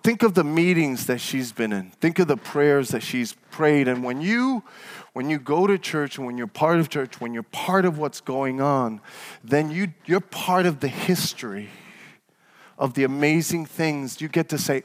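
A man preaching a sermon as pastor, telling stories and calling on the congregation for an amen, at times rising into loud, fervent exhortation. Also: animated, normal speed. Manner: fervent preacher with call-and-response; rises to loud, high exhortation.

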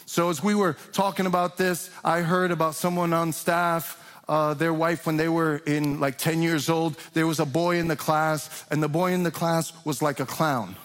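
Impassioned preacher in a reverberant hall. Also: male voice, on the high side, level tone, moderate pace, few pauses, faint music behind. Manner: impassioned preaching with rising emphatic questions. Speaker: pastor. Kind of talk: sermon. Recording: long reverb of a large hall.

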